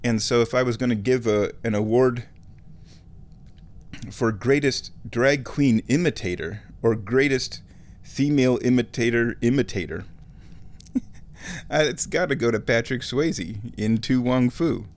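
A man from Nebraska talks in a casual, rambling monologue at a slow, easy pace. He drifts between thoughts with nostalgic fondness. He chuckles often and clears his throat along the way. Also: mid-range voice, a little mellow. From Omaha, Nebraska, USA.

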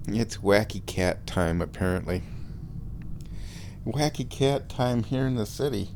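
A man hosting his own show, talking in a relaxed, rambling way while lying down and chuckling often. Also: lowish voice, unhurried, pauses often, a little hiss or hum. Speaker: solo show host. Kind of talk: casual monologue.

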